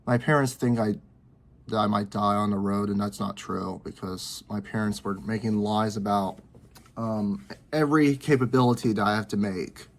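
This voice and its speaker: A young man in his twenties speaks to camera from his bedroom. His voice sits somewhat low, and he rambles, circles back and restarts sentences as he goes. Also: fairly even intonation. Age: 20s. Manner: rambling, repetitive, halting. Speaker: vlogger. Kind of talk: personal talk to camera.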